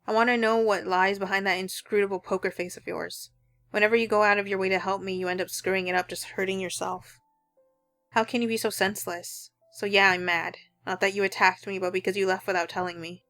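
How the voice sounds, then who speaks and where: A woman's voice: mid-range voice, level tone, fairly quick, a bit bright, faint music behind. Earnest woman reading a visual novel. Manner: earnest, heartfelt first-person narration. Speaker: let's play narrator.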